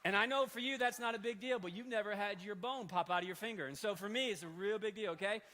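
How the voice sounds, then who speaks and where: A man in his thirties preaching in a church hall, telling a story in an animated, conversational way. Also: sits high, fast talker. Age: 30s. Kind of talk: sermon storytelling. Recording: long hall reverb.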